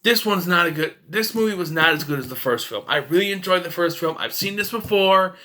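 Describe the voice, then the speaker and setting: A man's voice: high voice, expressive, fairly quick, pushed and bright. A man casually ranting about a film as a reviewer, profane and sarcastic. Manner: ranting, profane, jumps into mocking voices.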